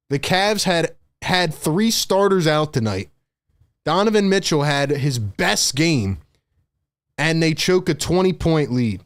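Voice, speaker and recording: A young stream host gives excited live play-by-play commentary, breathless and excitable, speaking directly to his chat. His voice is fairly high-pitched and his pace is slow.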